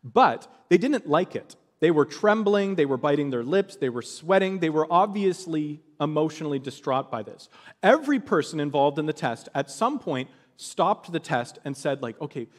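Lively high-voiced man preaching in a hall. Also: normal speed. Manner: animated storytelling, acting out quoted voices. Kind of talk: sermon.

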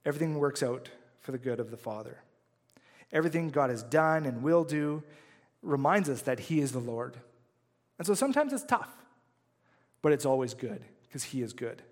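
A man delivers a Sunday sermon in an earnest, conversational way, reading scripture and then talking it through with his congregation. His voice sits at an ordinary middle pitch. The sound carries the long reverb of a large sanctuary. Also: expressive, normal speed. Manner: earnest, conversational preaching with frequent "right?" asides. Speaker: pastor.

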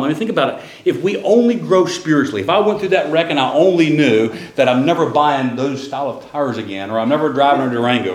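A man's voice: fairly high pitch, a little mellow, reverberant. A middle-aged man, a pastor preaching a sermon and telling a personal story in a loose, conversational way with restarts. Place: church sanctuary.

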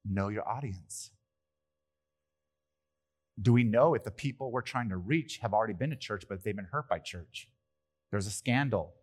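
Lively man preaching a casual sermon. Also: on the low side. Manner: lively, conversational preaching with playful asides. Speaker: pastor. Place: church hall.

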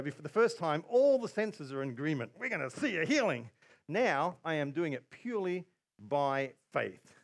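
A man preaching a sermon as pastor, telling a story with quoted asides and bursts of excitement. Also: fairly high pitch.

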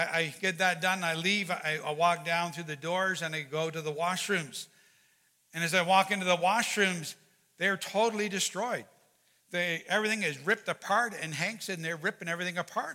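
Bright-voiced pastor in a reverberant hall. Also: male voice, fairly high pitch. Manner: earnest, repeats words, animated when retelling. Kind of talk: sermon with prayer and storytelling.

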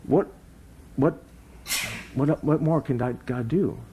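A man preaching a sermon, with lively swings in pitch and loudness, dropping low and soft for emphasis. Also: slow pace, lo-fi sound, background noise. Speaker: pastor.

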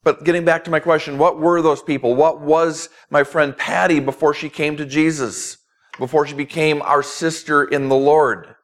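A man's voice: on the high side, flat delivery, normal speed. A man preaching a sermon as pastor, earnest, with emphatic repetition.

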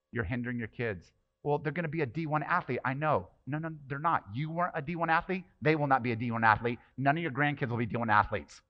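A man's voice: medium pitch, highs cut off. Impassioned male pastor preaching. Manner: impassioned, emphatic preaching with rhetorical questions. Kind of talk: sermon.

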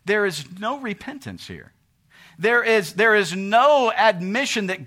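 A man preaching a sermon, asking rhetorical questions and swinging between loud emphasis and quiet asides. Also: sits high, sing-song, unhurried. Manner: asks rhetorical questions and acts out what people say to God.

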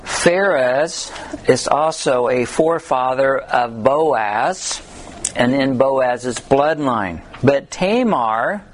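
Male Bible study teacher, conversational delivery with funny stories and scripture readings, faint background noise. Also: medium pitch. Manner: conversational, tells humorous stories, reads scripture aloud.

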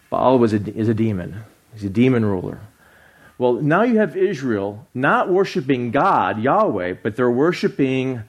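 A middle-aged man preaching a sermon from the pulpit. His voice sits in an ordinary middle pitch. He talks conversationally, stops to restart his phrases, and adds asides to the congregation. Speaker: pastor.

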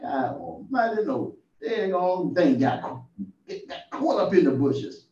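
A man preaches an informal sermon, telling the story in a folksy way and climbing to exclamations. His voice sits a little high and comes from away from the mic. The room is echoey, and the recording is dull and muffled. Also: big pitch swings, a little slow, dark tone, recorded from a distance.

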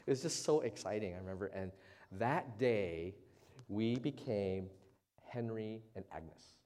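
A man preaching a casual, conversational sermon as the pastor in a church service, chatty and relaxed, often tossing in "right?" to the congregation. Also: on the low side, a little slow. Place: church sanctuary during a service. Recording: long reverb of a large church hall.

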